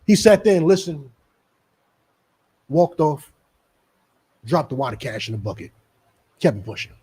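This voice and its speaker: A man's voice: on the high side, big pitch swings, measured pace, warm tone, slightly rough. A middle-aged man with a New Jersey accent, preaching a street sermon in an emphatic, repetitive way with mocking asides.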